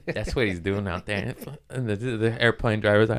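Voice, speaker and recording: A young man talking in a casual comedic monologue, joking and swinging into loud character voices. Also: on the low side, normal speed, creaky. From Mexican-American family. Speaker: comedian podcast host.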